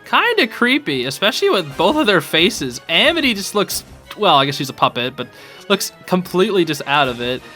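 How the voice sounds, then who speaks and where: An excitable young man reacts to fan art in casual, chatty commentary. His bright, slightly high voice swings up and down a lot. Quiet music plays behind him. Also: a little fast. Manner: excitable, says "dude" a lot, laughs often. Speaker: host reviewing fan art. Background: soft background music.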